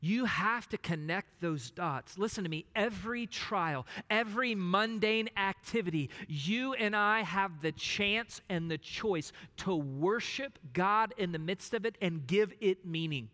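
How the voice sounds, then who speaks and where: A pastor preaching a sermon emphatically, dropping at times to a hushed voice. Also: male voice, sits high, animated, a little slow, few pauses. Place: church sanctuary. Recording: long reverb of a large hall.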